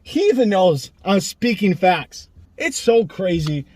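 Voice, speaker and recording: A young man ranting sarcastically in an animated vlog monologue, filming himself outdoors near a street. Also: high-pitched, a little slow, no room sound. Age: young adult. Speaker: vlogger. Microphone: camera he films himself with.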